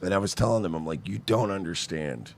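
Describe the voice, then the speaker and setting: A man's voice: low voice, animated, brisk. A man co-hosting a talk show, telling stories in casual chat, swearing freely and acting out the people he describes. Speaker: radio show co-host.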